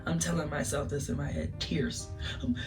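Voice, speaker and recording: A young woman telling a casual storytime vlog, animated and emotional, laughing through tears. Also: deep voice, normal speed. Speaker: vlogger. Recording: distant mic with music behind.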